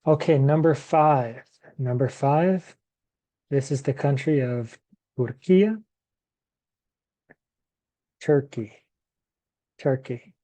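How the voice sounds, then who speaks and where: A man teaching to Spanish speakers in a slow classroom lesson, patiently repeating each word and thinking aloud as he writes. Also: mid-range voice, steady tone, dark tone. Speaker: English teacher.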